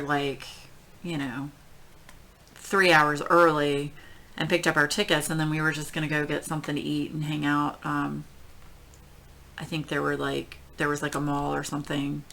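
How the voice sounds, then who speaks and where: A middle-aged woman telling a story at home in casual chat, rambling and animated, with many fillers. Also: low-pitched, moderate pace, creaky. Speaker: crafting channel host.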